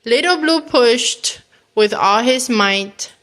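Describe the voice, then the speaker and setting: A woman reading a children's picture book aloud as a storyteller, gentle and animated, acting out the animal sounds. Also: a little high, takes it slowly.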